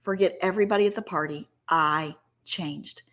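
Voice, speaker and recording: A middle-aged woman speaks with a bright, ringing voice as she shares a personal story from her working life. She talks in an earnest, heartfelt, chatty way, with fillers and restarts, and sometimes gets choked up. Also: on the low side, normal speed. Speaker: sales director giving a talk.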